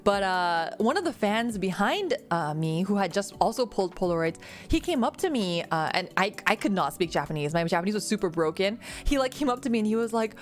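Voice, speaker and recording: A woman's voice: medium pitch, sing-song, brisk. A young woman streaming a casual Q&A, rambling through stories with lots of fillers, restarts and giggles. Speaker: VTuber streamer. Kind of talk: casual Q&A chat.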